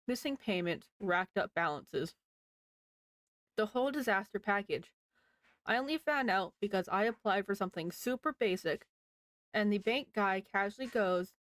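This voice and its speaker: A woman's voice: medium pitch, animated, moderate pace, fairly bright tone, no echo. Woman, casual story reader, wry asides, dry recording. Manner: chatty, wry asides to the listener. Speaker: reader of online posts.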